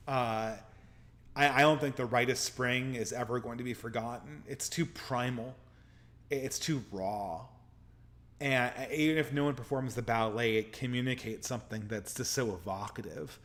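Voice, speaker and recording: Guy on a late stream reading super chats, tired, kinda losing his voice, stammers a lot, average pitch. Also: a bit bright. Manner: rambling, frequent restarts and stammers. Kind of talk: casual live-stream commentary.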